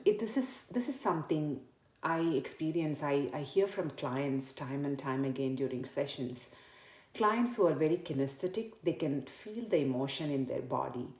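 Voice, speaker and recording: Woman practitioner with a low voice leading a tapping exercise in an echoey room. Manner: soft, slow and repetitive in the tapping script. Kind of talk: guided tapping demonstration.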